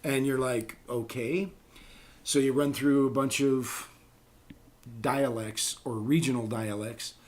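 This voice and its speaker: Male voice actor in a casual interview, medium pitch, rambling and chatty. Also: fairly even intonation, takes it slowly, darkish tone. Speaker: voice actor guest.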